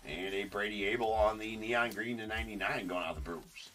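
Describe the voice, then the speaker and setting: A man's voice: on the low side, fairly even intonation, brisk, a bit bright, far from the mic, slight background noise. A man hosting a livestream card break, chatty and opinionated as he calls out the cards.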